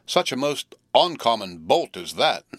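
A man's voice: medium pitch, expressive, moderate pace, a bit bright, no echo, clean studio sound. A man reading an audiobook, voicing a good-natured, simple village man who speaks in a confidential rustic dialect. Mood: worried earnest. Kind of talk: audiobook character voice.

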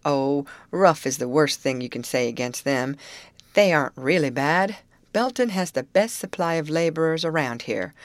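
A woman reading the lines of a calm, confident male overseer of an orange grove, who talks in a matter-of-fact, reassuring way. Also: sits low, no echo.

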